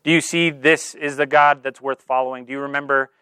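Smooth-voiced casual male preacher. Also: medium pitch, level tone, fairly quick, bright, forceful tone, no echo. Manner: earnest, informal, filler-heavy with "like". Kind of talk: conversational sermon.

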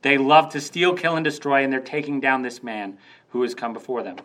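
A man's voice: mid-range voice, a little fast, a bit bright. A young man preaching a sermon in a conversational way, asking rhetorical questions and acting out quoted lines.

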